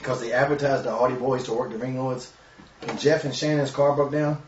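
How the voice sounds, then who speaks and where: A man's voice: medium pitch, flat delivery, a little fast. A man telling laid-back stories in a casual chat as a co-host. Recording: roomy, distant, muffled live-stream audio with faint noise.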